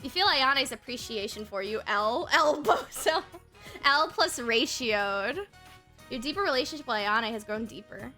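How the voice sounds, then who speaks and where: A young woman streams a game from home, her voice high and bright with a lively, bouncing pitch. She giggles a lot, jokes and swears with her chat, and drops into a flatter tone to read game text. Soft music plays in the background. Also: moderate pace. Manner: giggly, playful, swears casually, reads game text aloud. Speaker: livestreamer. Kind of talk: casual gaming stream chat.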